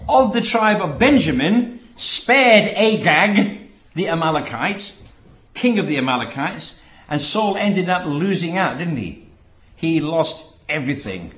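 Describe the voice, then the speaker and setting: Male Bible teacher, slightly high, lively delivery, echoey room. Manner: reads scripture then digresses with emphatic asides. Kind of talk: Bible study sermon, reading and commenting.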